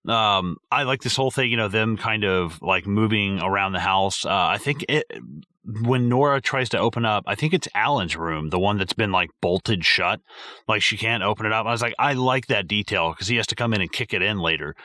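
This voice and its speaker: A man co-hosting a podcast, talking casually and excitedly about a film, cursing often and acting out scenes in goofy voices. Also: on the low side, brisk, no echo, studio quality. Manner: excitable, swears a lot, acts out scenes in funny voices. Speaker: podcast co-host. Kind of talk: casual movie review chat.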